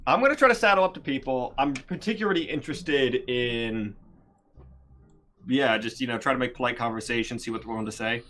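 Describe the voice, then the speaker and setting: A man's voice: medium pitch, a little fast, fairly bright tone, slight background noise. A man playing in a tabletop game, speaking in a dry, self-deprecating way. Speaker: player. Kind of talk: casual tabletop game chat.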